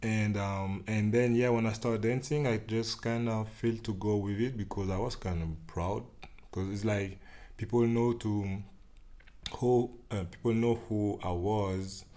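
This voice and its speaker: A man's voice: fairly low pitch, normal speed, mellow. A man. He is a podcast guest, chatting casually and chuckling often, with loose, rambling phrasing. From Central African Republic. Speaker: podcast guest, dance organizer. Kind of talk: casual interview chat.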